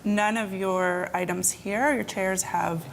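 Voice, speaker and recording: A woman's voice: mid-range voice, fairly even intonation, slow, gravelly. A woman co-hosting a workshop, asking brief questions on behalf of viewers. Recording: echoey room with faint noise.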